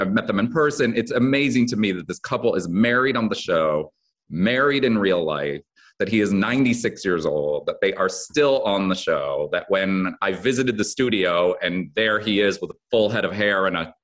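Man, very low voice, rambling, interview guest, lots of "you know". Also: fairly bright tone. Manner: rambling, lots of fillers and restarts. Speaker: soap opera head writer. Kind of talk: casual interview talk.

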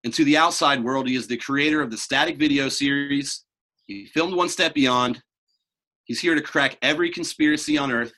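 Bright-voiced earnest male podcast host. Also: mid-range voice, moderate pace. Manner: earnest, emphatic, repetitive declarations. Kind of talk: podcast interview and opening monologue. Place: home office.

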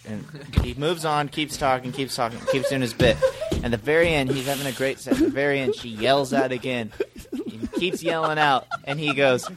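A man telling a comedy anecdote on a podcast, chuckling through it. A loud hiss of background noise sits under his voice. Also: medium pitch, sing-song, moderate pace. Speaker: guest comedian. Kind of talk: casual comedic chat.

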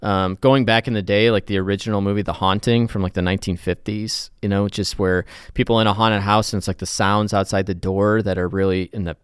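A man's voice: lowish voice, steady tone, a little fast, hardly any pauses, clean tone, no echo, studio quality. A man guesting on a podcast, chatting loosely and joking about himself, with lots of um and like. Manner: rambling, self-deprecating, with fillers. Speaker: feature reporter, podcast guest. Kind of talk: casual interview chat.

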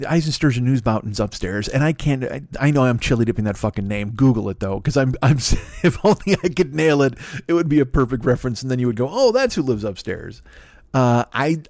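A man's voice: medium pitch, creaky, a little mellow, no echo, clean studio sound. A man riffing through a profane, rambling comedic monologue, acting out voices with laughs. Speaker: podcast host.

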